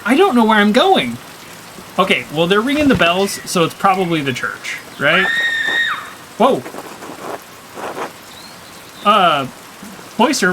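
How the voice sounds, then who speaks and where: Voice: mid-range voice, fairly bright tone, a little hiss or hum. A gamer giving let's play commentary, thinking aloud and often sounding confused while reading the game's text aloud. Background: game music.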